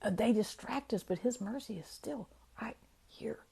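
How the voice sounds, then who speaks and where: Woman, devotional speaker, warm mellow tone, casual and chatty. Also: on the high side, creaky, breathy edge. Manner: chatty, laughs often, reads verses slowly.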